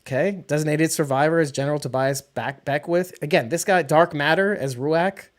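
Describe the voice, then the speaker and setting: Guy cohosting a tv show chat, laughs a lot, playful and animated. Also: fairly high pitch, normal speed. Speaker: podcast co-host. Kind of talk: casual chat about a TV show.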